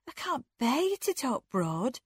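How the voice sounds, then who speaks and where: A woman's voice: sits high, big pitch swings, a little slow, husky, dry recording, clean studio sound, pitched above the performer's own voice, full character voice. A woman voicing a proud young woman who speaks primly and coolly. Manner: prim, coolly defiant. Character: proud, cool young woman, refined speech.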